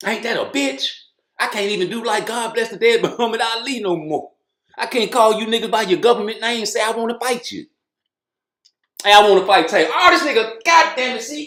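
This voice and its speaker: High-voiced man ranting, roomy echo. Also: fairly bright tone. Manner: profane, blunt, mocking. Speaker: boxing commentator. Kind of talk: ranting commentary.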